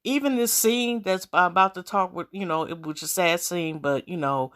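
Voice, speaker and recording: A woman's voice: fairly low pitch, moderate pace, a bit bright. A woman casually recapping a reality show episode, rambling with lots of fillers and talking straight to her viewers. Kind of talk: casual chat.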